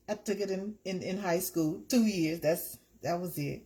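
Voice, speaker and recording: A woman with a lowish, mellow voice hosts a casual live stream at normal speed. She chats with viewers in an easygoing, repetitive way, addressing them by name.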